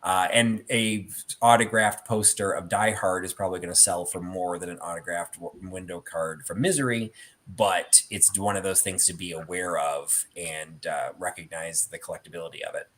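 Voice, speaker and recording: A man's voice: sits low, steady tone, moderate pace, fairly bright tone. A middle-aged man hosting a casual chat about theatre collectibles, telling stories with many fillers. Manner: rambling storyteller with many fillers. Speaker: host.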